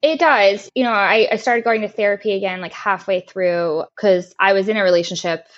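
A young woman, a race car driver appearing as a podcast guest, talks openly and with real feeling about her racing, laughing a lot and swearing freely. Her mid-range voice has fairly even intonation and moves a little fast. The audio is lo-fi and muffled.

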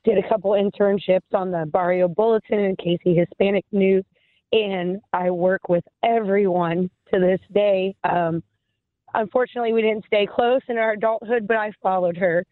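A woman's voice: medium pitch, steady tone, normal speed, no room sound. A woman calling in to a talk radio show, tearful and impassioned as she rambles through her grief. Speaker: caller. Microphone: telephone. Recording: tinny phone line.

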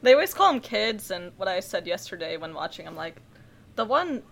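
A woman's voice: mid-range voice, big pitch swings, a little fast, vocal fry, a bit bright. A woman co-hosting a comedy podcast, giggly and bubbly, full of "like" fillers. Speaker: podcast co-host. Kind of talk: casual comedic podcast chat.

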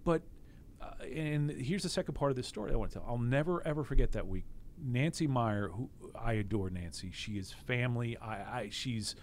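A man's voice: mid-range voice, expressive, fairly quick, a little hiss or hum. A middle-aged man giving a candid, emotional interview on a podcast, reflecting with frequent restarts. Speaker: interview guest, former team executive.

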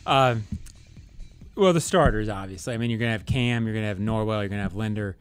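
A man co-hosting a sports talk show, breaking down roster questions in a measured, analytical way. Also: on the low side, clean tone, soft background music. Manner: measured, analytical, thinks aloud with fillers. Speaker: sports radio co-host.

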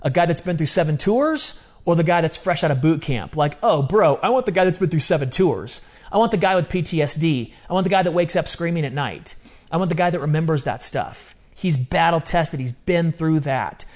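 A man's voice: on the high side, lively intonation, brisk. Emphatic, slangy man telling stories. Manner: emphatic, casual slang-heavy talk. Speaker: guest. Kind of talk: candid personal storytelling.

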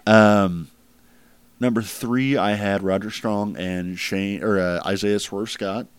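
A man's voice: fairly low pitch, steady tone, slow, smooth, no echo. A man hosting a casual podcast chat, rambling with lots of fillers. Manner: rambling, filler-heavy, laughs at crude jokes. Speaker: podcast host ranking wrestling matches.

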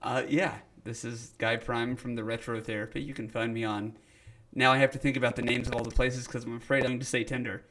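A man with an ordinary middle-pitched voice chats as a podcast guest. He thinks out loud, rambling a little with small fillers. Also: little pitch movement, brisk, slight background noise. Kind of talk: casual chat.

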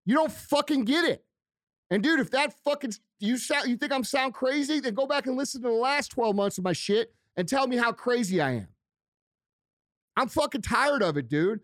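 A man's voice: extremely high pitch, expressive, normal speed, fairly bright tone, no echo, clean studio sound. A man delivering a heated, profane rant on his own show, hammering his points by repeating them. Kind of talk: angry ranting monologue.

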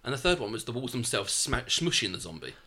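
Mid-range, sing-song, fast, and sharp in tone, this man's voice drives a casual film conversation. As a podcast co-host, he animatedly dismantles a film's logic, posing rhetorical questions.

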